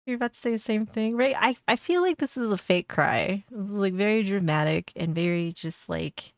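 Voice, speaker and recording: Woman streamer, sarcastic reactor, gravelly, dry close mic. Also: mid-range voice, animated, normal speed, no room sound. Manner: blunt, sarcastic, laughs often. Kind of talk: casual reaction commentary.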